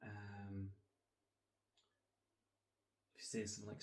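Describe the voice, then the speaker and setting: A Scottish man with a mid-range voice chats casually at normal speed in a dry, matter-of-fact manner. He drops casual swears while explaining things, and the room around him sounds echoey.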